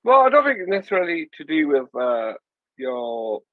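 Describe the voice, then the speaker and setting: A man in his forties with a Northern English accent, chatting casually as a podcast host, animated and jokey. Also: a little high, normal speed, no room sound, phone-quality sound. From England. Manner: animated, jokey, puts on voices. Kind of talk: casual chat.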